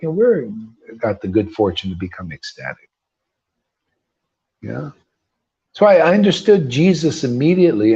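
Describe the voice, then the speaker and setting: A man's voice: fairly low pitch, a little mellow, husky. A man giving an informal devotional talk to a group, emphatic and preachy, often restarting and rising into bursts. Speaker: spiritual teacher. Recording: dull lo-fi sound.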